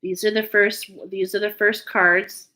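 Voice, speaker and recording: Casting note: woman, unhurried spiritual card reader, gentle and affirming, emotions close to the surface. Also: mid-range voice, little pitch movement, low-quality recording. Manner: slow, soothing, affirming, openly emotional. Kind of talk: intuitive tarot-style reading to viewers.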